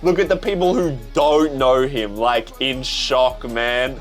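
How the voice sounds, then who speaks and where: A young man with an Australian accent hosts a manga reaction, his voice sitting in a plain middle pitch. He bursts out with excitement, curses freely and reads the pages aloud between his reactions. Faint music plays behind him. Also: slow pace. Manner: excitable, swears freely, gushes. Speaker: reaction channel host.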